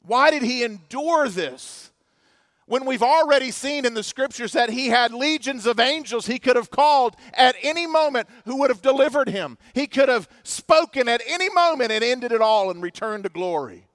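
A man preaching a sermon with passion, swinging between loud emphasis and hushed, solemn moments. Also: extremely high pitch, animated, normal speed, dry recording, studio quality. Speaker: pastor.

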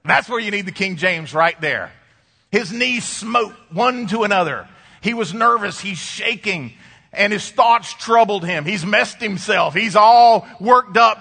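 Bright-voiced preacher in a reverberant hall. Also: male voice, sits high. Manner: expressive preaching, dramatic pauses, reads scripture aloud. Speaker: pastor. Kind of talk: sermon.

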